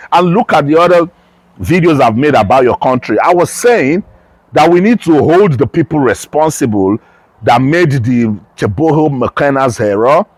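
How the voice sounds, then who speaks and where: Male sports commentator, fired-up opinion piece, swooping pitch, dry close sound. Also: slightly rough, no room sound. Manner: passionate, emphatic, repeats phrases for stress.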